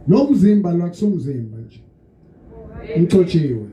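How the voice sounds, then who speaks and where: A man's voice: sits high, big pitch swings, normal speed. A man preaching and leading a church service, switching languages and guiding the congregation through call-and-response prayer. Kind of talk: sermon and led prayer. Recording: echoey noisy church hall.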